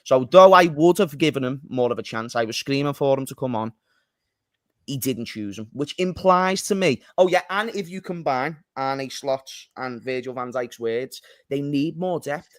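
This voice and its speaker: A man hosting a casual football talk show, chatty and quick to tease his co-hosts. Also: mid-range voice, no echo, studio quality. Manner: chatty, teasing banter. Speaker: podcast host.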